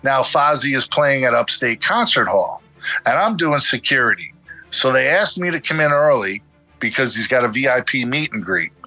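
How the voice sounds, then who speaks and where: A middle-aged man with a bright, forceful voice tells a story to podcast hosts, acting out each line of dialogue in quotes. His pitch sits right in the middle for a man, and faint music plays underneath. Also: normal speed, no echo, rough recording. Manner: animated, acts out dialogue in quotes. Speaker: guest musician telling a story.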